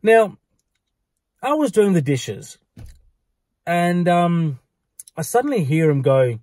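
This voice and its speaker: A man's voice: fairly high pitch, unhurried, pauses often, no room sound. A young man who works in a bar, telling a story to camera in a casual way and acting out what people said. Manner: animated, acts out quoted lines. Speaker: vlogger, bar worker.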